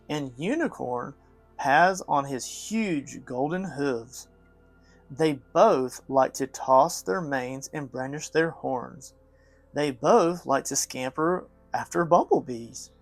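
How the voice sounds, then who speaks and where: A father hosting an art studio video reads a picture book aloud in a gentle, measured way, chatting to viewers as he paints. His voice is a little high.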